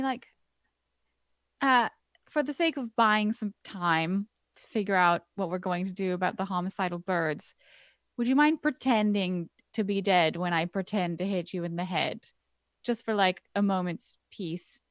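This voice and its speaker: A woman's voice: medium pitch, unhurried, pauses often, no echo. Hesitant woman at a game table. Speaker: player. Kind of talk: tabletop role-play.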